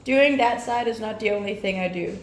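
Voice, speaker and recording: A woman's voice: medium pitch, brisk. A young woman from Scandinavia with a mixed English accent that has a Scandinavian tinge, chatting casually on a live stream and answering viewer comments, upbeat and laughing often. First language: a Scandinavian language. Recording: roomy echoing sound.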